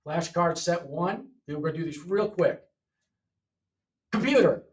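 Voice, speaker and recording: Higher-voiced male teacher drilling vocabulary. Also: normal speed, distant mic. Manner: drills words by repeating each one, checks in with "okay?". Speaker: English teacher. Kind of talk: classroom lesson walkthrough.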